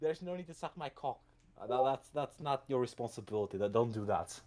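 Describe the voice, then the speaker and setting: Brief: young male co-host, lively swinging pitch, crude playful banter, dry close sound. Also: brisk, no room sound. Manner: animated, crude banter, frequent laughter. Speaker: podcast co-host. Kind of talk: casual chat.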